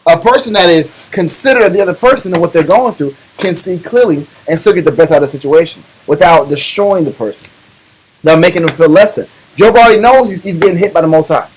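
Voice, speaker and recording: A man's voice: sits high, fast talker, slight background noise, poor audio. A man taking part in a Bible study, speaking earnestly and asking reflective questions. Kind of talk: casual scripture discussion.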